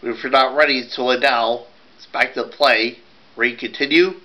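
A man's voice: medium pitch, steady tone, moderate pace, pushed and bright, poor audio. A man working as a puppeteer, talking casually between songs in his stage show.

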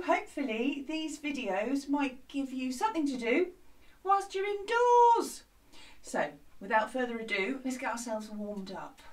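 A woman who is a music teacher, leading a lively children's music lesson from a hut, with a bright, encouraging, sing-song way of talking. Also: on the high side. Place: outdoor classroom hut. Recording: slightly distant mic with music behind.

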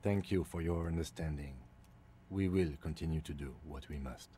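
A man voicing a calm, reserved police lieutenant in a video game, speaking dry and curt. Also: rumbling low, moderate pace, slight background noise. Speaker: game character.

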